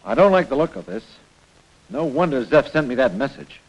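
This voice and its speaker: An actor voicing a gruff, commanding male colonel who heads a space organization in a 1960s cartoon, giving brusque orders. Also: medium pitch, animated, brisk, lo-fi sound, soft background music, natural voice.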